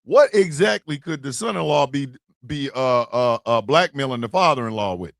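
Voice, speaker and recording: A man giving casual, slangy reaction commentary, stammering and breaking into loud outbursts. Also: mid-range voice, expressive, moderate pace, gravelly, no echo. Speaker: streamer and political commentator.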